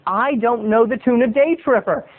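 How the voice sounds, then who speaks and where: A man, a video blogger, telling a story in a chatty, animated monologue from his bed at home. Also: very high-pitched, moderate pace. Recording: tinny phone-like sound.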